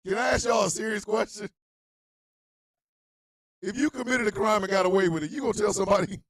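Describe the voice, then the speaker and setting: A man hosting a comedic live internet radio show, ranting loudly and bluntly in crude slang to his listeners, often shouting. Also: high-pitched, a little fast, rough recording. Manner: loud, animated, often shouting and laughing.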